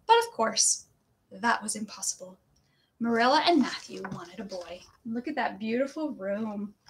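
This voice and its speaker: A woman reading stories aloud to children in a cheerful, animated and expressive way. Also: medium pitch, normal speed, a little hiss or hum. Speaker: storyteller for children. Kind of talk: children's read-aloud storytime.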